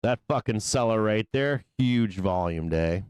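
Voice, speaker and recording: Male trading-show host, low and smooth-voiced, profane and excitable, dry close recording. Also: a little slow, no echo. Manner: profane, excitable, loose trader talk. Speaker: stock market show host. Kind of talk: live trading commentary.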